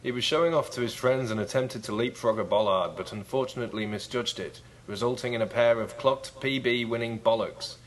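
A man's voice: mid-range voice, a little fast, few pauses, rough recording. A man hosting a comedy podcast, talking in a dry, laid-back joking way. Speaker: podcast host. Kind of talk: casual comedic banter.

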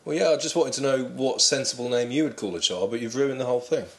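A man co-hosting casual comedy banter as the dry, steady straight man. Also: mid-range voice, quick pace. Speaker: co-host.

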